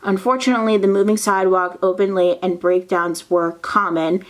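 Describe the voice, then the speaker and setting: A woman narrating history in a casual way, reading old newspaper text and breaking off into excited asides, playful mock dialogue and soft whispers. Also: medium pitch, moderate pace.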